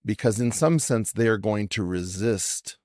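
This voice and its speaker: A man's voice: fairly low pitch, a little slow, darkish tone, no room sound, clean studio sound. A man speaking as a podcast guest in an assertive, professorial way, challenging his host with pointed questions. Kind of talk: conversational podcast discussion.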